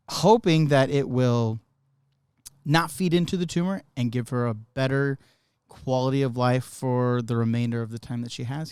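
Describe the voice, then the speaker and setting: A man's voice: medium pitch, darkish tone, smooth, dry recording, clean studio sound. A man co-hosting a casual podcast chat, speaking earnestly and asking short follow-up questions. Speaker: podcast co-host.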